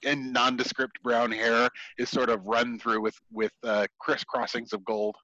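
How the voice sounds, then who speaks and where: Brief: a man as game master, improvised halting narration, dry close sound. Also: mid-range voice, level tone, sharp tone, no echo, muffled recording. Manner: halting, full of ums and restarts.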